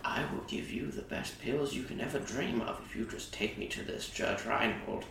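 A man's voice: mid-range voice, normal speed, vocal fry, heavy reverb, far from the mic, a little hiss or hum. A man improvising as a shady mustached doctor who deals pills, sly and wheedling. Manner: sly, wheedling, bursts of shouting. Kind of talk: improvised comedy role-play.

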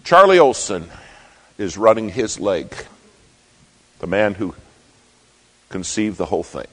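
Slow, deep-voiced man telling a story. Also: very animated, husky. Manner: slow, deep-voiced storyteller acting out quotes, shouting dog commands. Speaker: preacher. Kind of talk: dramatic sermon storytelling.

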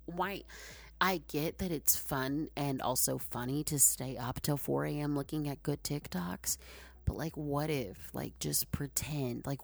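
A woman's voice: low voice, vocal fry. A woman hosting a casual advice podcast, chatty and rambling with lots of fillers, talking into her own microphone. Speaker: podcast host.

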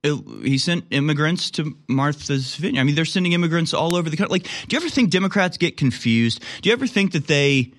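A man's voice: on the high side, expressive, quick pace, hardly any pauses, fairly bright tone. A man hosting a political commentary show, talking in a sarcastic, incredulous way with frequent laughs.

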